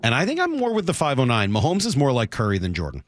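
A man in his forties hosting sports talk radio, joking as he goes and dropping into quoted asides. His pitch swings widely, and the sound is dry and close. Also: fast, no echo. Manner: animated, joking, quotes people in acted asides.

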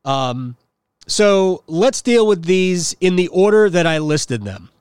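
A man's voice: high voice, very animated, takes it slowly, a little mellow, clear, resonant tone, no echo, studio quality. A man hosting a sports podcast, giving a blunt, opinionated monologue with sarcastic jabs at his listeners. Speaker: podcast host.

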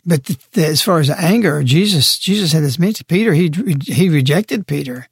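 A man's voice: fairly high pitch, lively intonation, fairly quick, vocal fry, husky, dry recording. A man speaking on a radio talk show in an impassioned, preaching way, pressing his points hard. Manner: forceful, preaching, emphatic.

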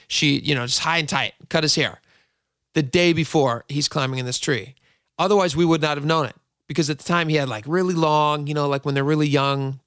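A man's voice: on the high side, vocal fry, sharp tone, dry recording, clean studio sound. A middle-aged man hosting a radio show, telling a long rambling story with many asides. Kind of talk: casual talk radio monologue.

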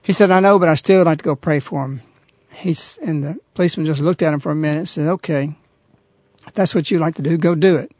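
A man hosting a radio talk show, earnestly retelling a story in a halting, conversational way. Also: fairly high pitch, no room sound. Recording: dull, lo-fi radio recording.

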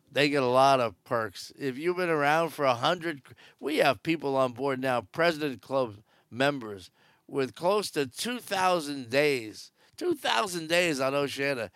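A man's voice: on the high side, vocal fry, fairly bright tone, dry recording. A man giving casual, wry cruise news commentary from aboard a ship, joking sarcastically. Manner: chatty and wry, jokes sarcastically.

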